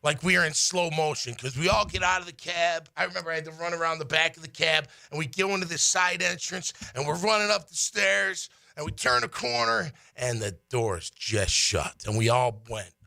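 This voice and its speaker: A middle-aged man with a bright, forceful voice tells a story in a casual way. He jumps his pitch to act out the people he quotes. His sound is close and dry, with no room around it. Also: moderate pace, creaky, few pauses, dry recording. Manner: animated, acts out quotes with big pitch swings. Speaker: former player telling a story on sports radio.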